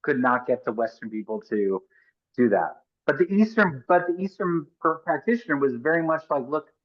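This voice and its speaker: A man's voice: mid-range voice, lively intonation. Earnest middle-aged man, muffled audio. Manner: earnest, emphatic, talks in rapid restarts and asides. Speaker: podcast guest. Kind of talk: conversational interview storytelling.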